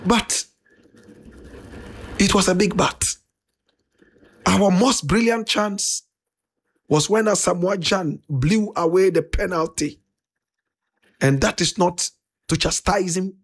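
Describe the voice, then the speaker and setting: A Ghanaian man giving a fervent, preacher-style talk to fans, dramatic and bursting into shouts. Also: high voice, breathy edge.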